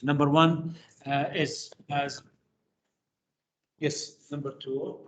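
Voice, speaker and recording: A man's voice: a little high, little pitch movement, slow pace, fairly bright tone, reverberant, a little hiss or hum, poor audio. A man teaching an English class online, patient and mixing in Arabic words.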